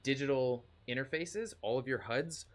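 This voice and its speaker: A man's voice: mid-range voice, moderate pace, a little hiss or hum. A man narrating as game master, with many fillers and restarts.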